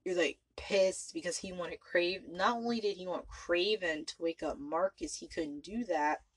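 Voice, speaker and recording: A woman's voice: on the low side, normal speed, husky, no echo, low-quality recording. A woman hosting a podcast, recapping a vampire film in a rambling, profane, casual way. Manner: rambling, profane, full of "you know" and "like". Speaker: podcast host.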